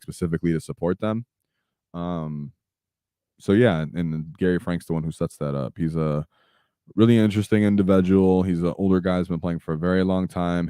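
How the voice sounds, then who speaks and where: A man hosting a casual livestream chat, talking in an animated way with lots of fillers and sudden shouts. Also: low-pitched, clean tone, dry recording, clean studio sound. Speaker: streamer host.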